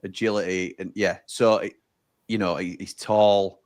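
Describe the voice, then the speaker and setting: A man's voice: deep voice, fairly even intonation, a little slow, a little mellow. A man co-hosting a football watch-along, chatting casually and reading out viewer comments. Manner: chatty, reads out viewer messages.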